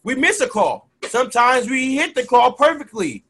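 Rambling male ref and teacher, high voice, full of likes and you knows, casual interview guest. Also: big pitch swings, moderate pace, sharp tone. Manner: rambling, heavy use of "like" and "you know". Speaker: youth football referee and teacher.

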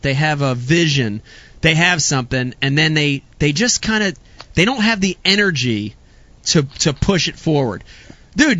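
A man hosting a live show, talking in an energetic, excitable way. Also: a little high. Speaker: show host. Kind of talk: casual live show chat. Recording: slightly dull, lo-fi sound.

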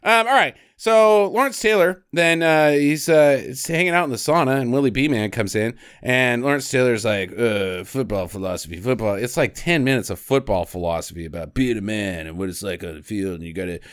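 A man's voice: mid-range voice, moderate pace, few pauses, a bit bright, clean tone, no room sound, clean studio sound. A man co-hosting a casual movie review podcast, sarcastic, recapping scenes and jumping into quoted voices. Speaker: podcast co-host.

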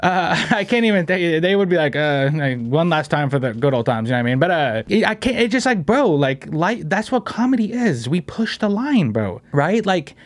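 A man hosting a casual podcast, rambling fast with lots of "bro" and "you know what I mean," slipping into mocking impressions of commenters. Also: sits high, very animated, no echo. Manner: slips into mocking voices of commenters. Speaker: podcast host.

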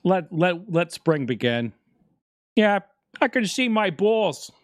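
A man's voice: high voice, very animated, slow pace, no echo, studio quality, pitched above the performer's own voice, full character voice. A man putting on the voice of a crude, boastful male groundhog who brags gleefully.

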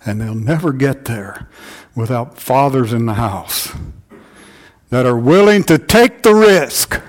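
An older pastor preaches to his church, repeating phrases and building in fervor as he drives each point home; when stirred, his voice grows louder and higher.

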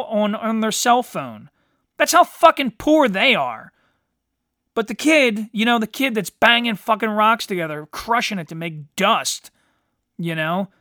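A man's voice: sits high, sharp tone, no echo, clean studio sound. A man ranting bluntly in a monologue, swearing heavily and tagging lines with "you know". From United States. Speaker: podcast host.

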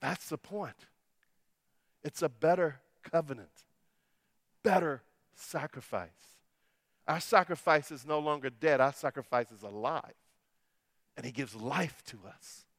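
A middle-aged man preaching a sermon as pastor, telling a story and swinging between hushed, quiet lines and loud, emphatic ones. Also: a little high, lively intonation, measured pace, creaky, pauses often, no echo, studio quality.

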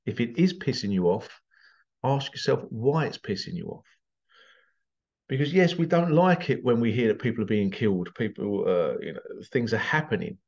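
A gravelly-voiced man talks to camera in a rambling, animated monologue, his pitch rising and falling widely. He piles on sarcastic rhetorical questions. The recording sounds dull and lo-fi. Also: moderate pace. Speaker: vlogger.

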